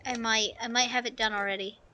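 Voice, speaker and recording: A woman streaming a video game live, chatting casually in a soft, emotional way with many fillers. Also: on the high side, fairly even intonation, quick pace, a little hiss or hum. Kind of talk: casual live gameplay commentary.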